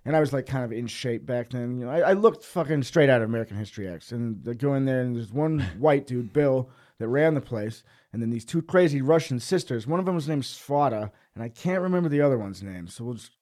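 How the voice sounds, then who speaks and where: A young man in a casual podcast chat, telling a long story in a loose, rambling way. He swears constantly and laughs his way through the funny parts, voice mid-pitched and unforced. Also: lively intonation, a little fast, few pauses, mellow. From Boise, Idaho.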